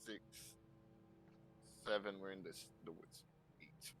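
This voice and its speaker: Low-ish guy playing a tabletop game, jokey, swears a lot. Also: fairly even intonation, slow, a bit bright, soft background music. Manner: casual, joking, swears freely. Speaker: player. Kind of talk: casual tabletop game chat.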